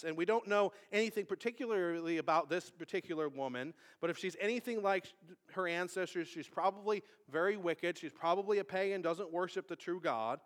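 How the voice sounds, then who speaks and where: Man preaching a casual, halting sermon. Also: fairly high pitch, a bit bright. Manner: conversational, halting with repeated restarts.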